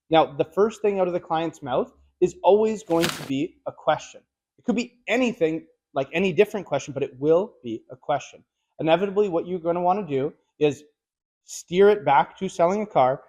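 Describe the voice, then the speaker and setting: A man teaching car sales closing techniques in a direct, energetic coaching manner, with casual slangy phrasing. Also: on the high side. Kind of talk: instructional video talk.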